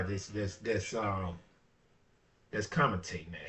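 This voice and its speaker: A man's voice: moderate pace, distant mic. Blunt, profane man talking off-mic. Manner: blunt and profane, fillers of "man" and "you know what I'm saying"; swings between low mutters and loud heated rants. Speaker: barber and show host. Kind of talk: casual talk monologue. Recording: dull lo-fi sound, speaker off-mic.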